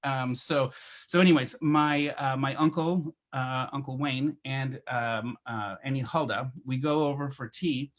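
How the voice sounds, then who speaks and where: Raised in India, this photographer is a guest on a podcast, spinning anecdotes in a casual interview. He's an animated storyteller who performs the voices in his tales, speaking in a mid-range voice at a measured pace.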